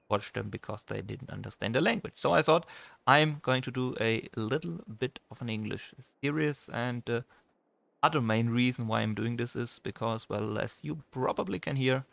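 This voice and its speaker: A young man with a German accent, a native German speaker hosting a farming game let's play in casual commentary, often pausing and searching for words. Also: medium pitch, creaky, fairly bright tone, no room sound.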